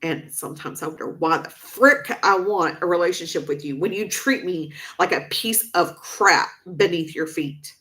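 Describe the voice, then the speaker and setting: Vlogger woman, lowish voice, upset, emphatic repetition, venting to camera. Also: normal speed, few pauses, bright, forceful tone. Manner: emphatic, repeats herself for stress.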